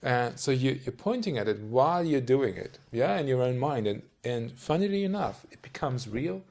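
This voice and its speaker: A man's voice: mid-range voice, big pitch swings, normal speed, darkish tone. A man giving a casual tutorial on voice-over work, talking straight to the viewer in a chatty, rambling way and often checking in with questions. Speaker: voice-over coach. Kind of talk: casual talk-to-camera tutorial.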